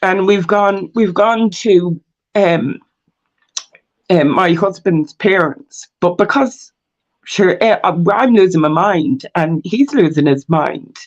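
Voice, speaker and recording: Animated Irish woman from Mayo. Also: fairly low pitch. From Ireland. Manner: animated, swears freely, quick asides. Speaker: guest. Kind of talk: telling her story in a podcast interview. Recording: dull lo-fi sound.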